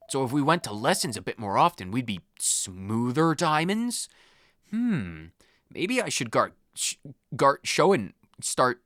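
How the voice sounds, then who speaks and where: A man's voice: medium pitch, fairly bright tone, no echo, clean studio sound. A man, a gaming channel host, reading game dialogue aloud in a playful, theatrical way with stumbles and asides.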